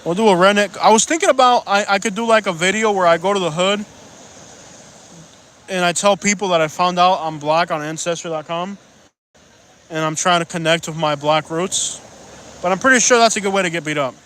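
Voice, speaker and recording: Guy with a pretty high voice rambling on a beach live stream, joking around, reading chat off his phone, faint outdoor noise. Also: brisk, fairly bright tone. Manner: joking, rambling, reads out viewer comments.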